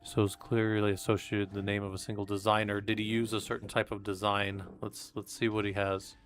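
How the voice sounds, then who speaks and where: A man's voice: on the low side, monotone, brisk, a bit bright, soft background music. A man reading research papers aloud on a live stream and commenting casually between passages, with fillers and restarts. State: coughing, hiccups.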